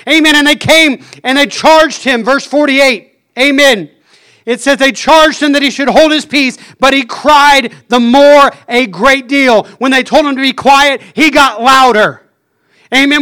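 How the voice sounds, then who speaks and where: A man preaching with fervour, with a high voice that rings bright and clear. He breaks up his phrases with frequent "Amen"s. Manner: fervent, punctuates phrases with "Amen". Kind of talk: sermon.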